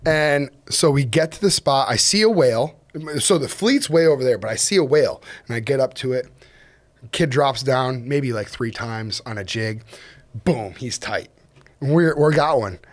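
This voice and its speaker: A man, a fishing captain guest on a podcast, telling a story casually, laughing often and acting out quotes in a higher voice. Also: expressive, normal speed. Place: podcast studio.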